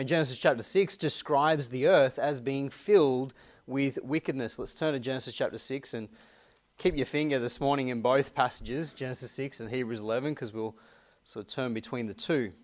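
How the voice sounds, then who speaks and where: Man preaching a sunday sermon, earnest, keeps asking the church rhetorical questions, reads bible verses slow. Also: medium pitch. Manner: reads scripture aloud slowly and deliberately. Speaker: pastor.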